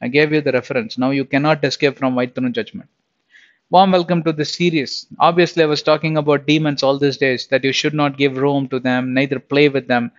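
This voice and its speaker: A man's voice: medium pitch, level tone, brisk, lo-fi sound. A man giving an informal Bible lesson, chatty, often laughing and repeating himself. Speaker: Bible teacher.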